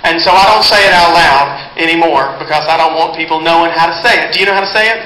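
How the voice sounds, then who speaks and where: A man's voice: fairly high pitch, quick pace. A male performer joking and teasing with a live audience between songs, speaking into a stage microphone. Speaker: performer and bandleader. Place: live concert hall. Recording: echoey concert hall, loud crowd.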